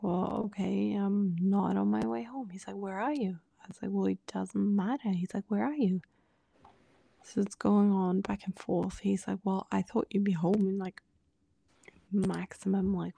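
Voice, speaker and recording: A woman co-hosting a podcast, telling a personal story in casual talk, often sinking into a breathy near-whisper and acting out what others said. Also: medium pitch, warm tone, no room sound. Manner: quotes others in dialogue with many fillers. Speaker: podcast co-host.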